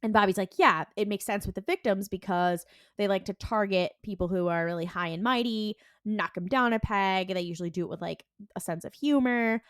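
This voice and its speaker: A woman co-hosting a podcast, casually recapping a TV episode and acting out the characters' lines in quick voices, with a lot of "like". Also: medium pitch, fairly bright tone, smooth, no echo, clean studio sound. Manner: heavy use of "like" and "and he's like". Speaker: podcast co-host.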